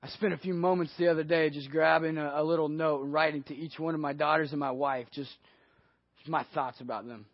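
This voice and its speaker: A male pastor preaching a sermon earnestly, swinging between hushed and emphatic delivery. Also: a little high, fairly even intonation, a little fast, no room sound. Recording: dry, dull lo-fi audio.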